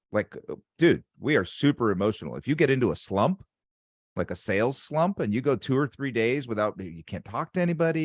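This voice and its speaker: Animated, lively male sales coach. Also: medium pitch, dry recording, studio quality. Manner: animated, emphatic, motivational. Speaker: sales coach and podcast host. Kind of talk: casual interview chat.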